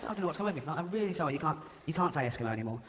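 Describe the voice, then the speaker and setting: A comedian on stage, his voice lively and rather high as he mocks and swears his way through his set. Long hall reverb carries his words, and a loud crowd hums under everything. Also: rapid-fire, slight background noise. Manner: mocking, swearing, mimics people. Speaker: stand-up comedian. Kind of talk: live stand-up comedy. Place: large live venue before an audience. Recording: echoey arena with loud crowd ambience.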